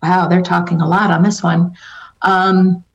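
A woman's voice: lowish voice, little pitch movement, measured pace. A woman giving a psychic reading in a casual, hesitant way, full of fillers and restarts as she relays what the spirits tell her. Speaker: psychic medium answering viewer questions. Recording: dull lo-fi recording.

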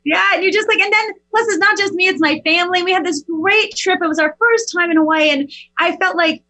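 A middle-aged woman telling a personal story as a guest, animated and talking with big leaps in pitch. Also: brisk, low-quality recording. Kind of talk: casual storytelling.

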